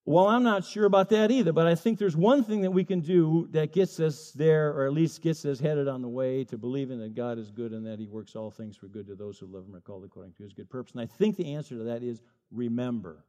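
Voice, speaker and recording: A man's voice: medium pitch, fast, few pauses, warm tone, muffled recording. A middle-aged male pastor preaching a sermon, telling stories with acted voices and emphatic repetition.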